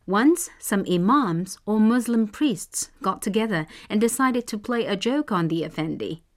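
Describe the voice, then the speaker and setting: A woman hosting and narrating folk tales in a measured, expressive scripted reading. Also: mid-range voice. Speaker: storyteller host.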